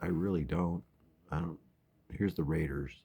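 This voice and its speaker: A man with a very low, gravelly voice talks through a casual late-night vlog at home. His tone is dark and husky, and he wanders along with wry asides. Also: steady tone, normal speed. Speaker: vlogger. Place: home at night, windows open.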